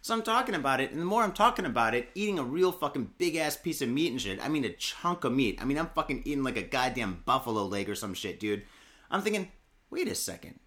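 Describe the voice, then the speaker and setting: A man's voice: mid-range voice, sing-song, quick pace, a bit bright. A young man from Michigan, chatting casually as a podcast co-host, rambling and swearing constantly. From Michigan, USA. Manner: profane, rambling, heavy cursing and filler.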